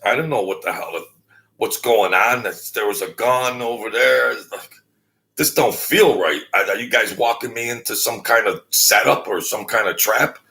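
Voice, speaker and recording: A man telling a story in a halting way, with many fillers and restarts, acting out the voices of the people he quotes. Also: medium pitch, pushed and bright. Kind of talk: casual storytelling.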